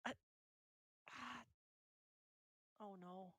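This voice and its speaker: A man's voice: sits high, extremely slow, sharp tone, breathy edge, dry recording, studio quality, pitched above the performer's own voice, heavily acted. A man voicing a shy, easily flustered young woman cleric who stammers nervously. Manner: timid, stammering.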